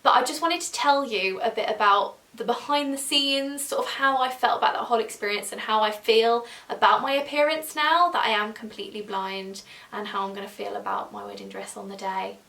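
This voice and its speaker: Bubbly bright-voiced woman vlogging. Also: a little high, brisk. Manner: chatty, bubbly, animated quoting of herself. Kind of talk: casual chat to camera. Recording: roomy echo, a bit distant from mic.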